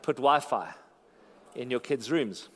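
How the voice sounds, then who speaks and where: A man preaching a sermon in a church, animated, repeating phrases for emphasis and joking with the congregation. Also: mid-range voice, slow, in a large hall. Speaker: pastor.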